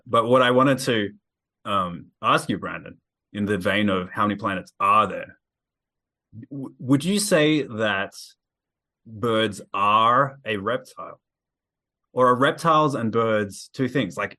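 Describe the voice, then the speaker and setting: A man co-hosting a podcast, asking the guest questions in a halting way and thinking aloud as he goes. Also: lowish voice, pushed and bright. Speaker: podcast co-host. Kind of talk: casual interview questions.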